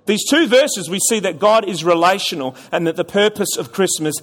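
Man preaching, high voice, chatty, repeats words, long echo of a church hall. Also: expressive, normal speed. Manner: conversational, repeats words, asks the audience questions. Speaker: pastor. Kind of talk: sermon with storytelling.

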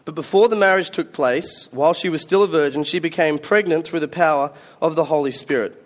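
A man's voice: fairly high pitch, fairly quick. A man preaching a Christmas sermon, telling stories in a conversational, self-mocking way. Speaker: pastor.

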